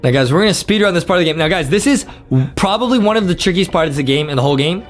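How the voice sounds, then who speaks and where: Excited gamer guy, high bouncy voice, lots of yelling and "bro". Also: racing, faint music behind. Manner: hyped and exclamatory, says bro a lot. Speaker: gaming channel co-host. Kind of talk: excited gameplay commentary.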